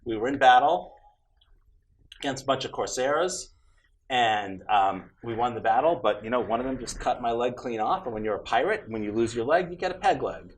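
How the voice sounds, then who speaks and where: A man's voice: medium pitch, lively intonation, normal speed, lightly acted, rough recording. A man voicing a boastful male pirate in a joke, earnest and insistent.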